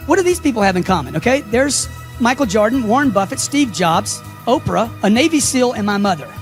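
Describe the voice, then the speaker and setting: Emphatic high-voiced male motivational speaker. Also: very animated, brisk, faint music behind. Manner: punchy, emphatic, rhetorical questions to the audience. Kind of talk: motivational speech.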